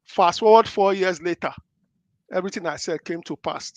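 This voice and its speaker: Assertive political commentator. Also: male voice, sits high, moderate pace, no echo, lo-fi sound. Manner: assertive, lecturing. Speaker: guest commentator.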